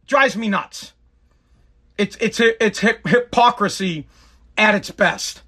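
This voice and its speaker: A man's voice: high voice, takes it slowly, pushed and bright, slightly rough. A man giving a sarcastic political rant to camera, mocking people by putting on exaggerated voices.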